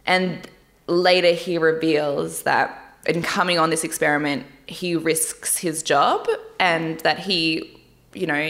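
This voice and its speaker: A woman's voice: fairly low pitch, gravelly, a bit bright. A young woman vlogging casually about a dating show, candid and chatty, often laughing and swearing lightly. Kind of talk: casual chat.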